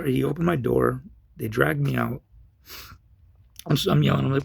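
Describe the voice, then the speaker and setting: A man with a gravelly, husky voice casually telling a long personal story, rambling with many restarts and getting loud when he retells his own yelling. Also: mid-range voice, a little fast, pauses often, a little hiss or hum.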